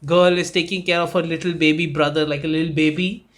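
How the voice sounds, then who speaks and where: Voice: medium pitch, level tone, quick pace. A young adult co-hosting a podcast, chatting casually, swearing bluntly and breaking into laughing shrieks when retelling scares. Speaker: podcast co-host. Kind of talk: casual chat.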